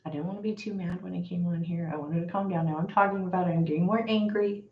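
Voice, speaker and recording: A woman's voice: fairly low pitch, fast. A woman hosting a livestream, talking bluntly and heatedly to her viewers and swearing. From Texas. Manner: fired-up, blunt, swears and addresses viewers as y'all. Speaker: livestream host. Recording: echoey room, slightly dull sound.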